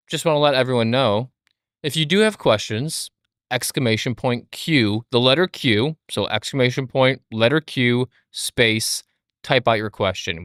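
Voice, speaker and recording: A man co-hosts a casual livestream, tossing in playful jokes. His pitch swings widely as he talks, and the sound is close and dry. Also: dry recording. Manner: playful joker, animated delivery. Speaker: livestream co-host.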